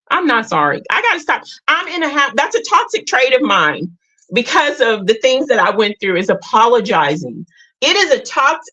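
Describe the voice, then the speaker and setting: A middle-aged woman hosts a casual livestream and talks straight to her viewers. She sounds earnest and emotional, with a slightly high voice. The recording is dull and lo-fi. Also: fairly bright tone. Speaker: livestream host.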